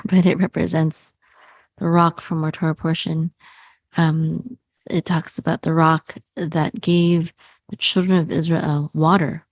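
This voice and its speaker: A woman's voice: sits low, darkish tone, no echo. A woman teaching a Hebrew lesson, spelling out letters and vowels patiently with frequent ums.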